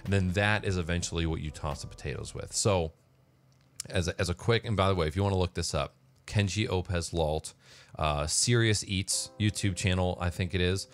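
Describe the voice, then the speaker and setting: A man's voice: low voice, normal speed, faint music behind. A man talking casually in a solo vlog monologue, rambling and conversational with plenty of fillers. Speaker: vlogger.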